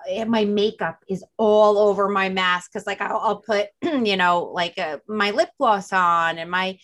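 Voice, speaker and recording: A woman's voice: medium pitch, unhurried, a bit bright. Female podcast host, New Jersey accent, casual and rambling. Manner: chatty, lots of "like" and "you know". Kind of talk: casual chat.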